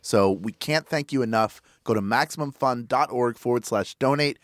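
Man, podcast co-host, playful and jokey, upbeat pitch, dry close mic, mid-range voice. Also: moderate pace, dry recording. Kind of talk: casual podcast chat, fundraising pitch.

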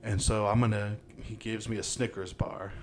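A man's voice: lowish voice, level tone, normal speed, slight background noise. A young man hosting a podcast, telling stories loosely with lots of fillers and laughs. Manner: rambling storyteller, many fillers, laughs often. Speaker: podcast host. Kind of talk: casual podcast chat.

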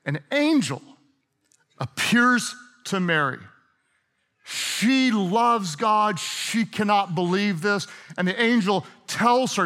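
A man's voice: high voice, animated, slow pace, sharp tone. A middle-aged man preaching a sermon, retelling a story in a playful, chatty way and laughing often. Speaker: pastor.

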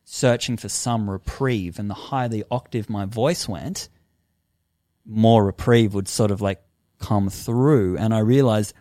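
A man guesting on a podcast tells a personal story with big energy, dropping swear words and acting out what went through his head. His voice sits on the lower side, and the sound is dry and close, with no room echo. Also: a little slow. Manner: animated, swears often, acts out his own past thoughts. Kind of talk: casual storytelling conversation.

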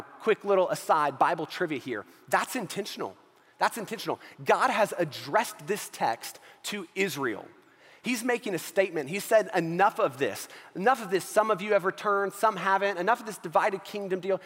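A man's voice: a little high, fairly bright tone, long reverb tail. A man preaching a sermon as pastor of his church, emphatic and repeating key phrases, often checking in with his listeners.

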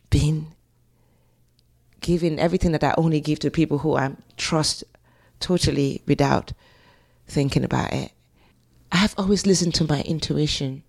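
A middle-aged woman with a Nigerian accent, telling stories as an interview guest and acting out quotes. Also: low voice. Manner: animated storyteller who scats and acts out quotes. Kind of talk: conversational interview storytelling.

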